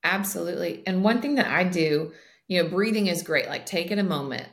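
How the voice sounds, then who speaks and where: A woman's voice: fairly low pitch, animated, fairly quick, gravelly. A woman co-hosting a casual faith conversation, often affirming and agreeing with her co-host. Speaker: podcast co-host.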